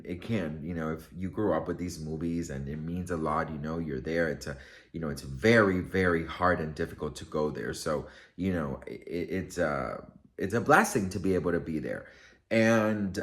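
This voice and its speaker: A man vlogger telling a story to camera in a casual, gushing, emotional way, rambling with many fillers. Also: low-pitched.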